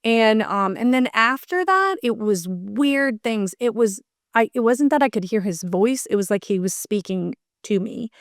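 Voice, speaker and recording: A woman's voice: fairly high pitch, animated, a little slow, no echo, clean studio sound. A middle-aged woman, telling a personal story as a podcast guest, earnest and rambling with many restarts.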